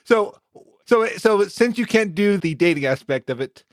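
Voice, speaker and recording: A man's voice: high-pitched, lively intonation, moderate pace. A man hosting a podcast interview, often stammering and repeating his words. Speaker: podcast host.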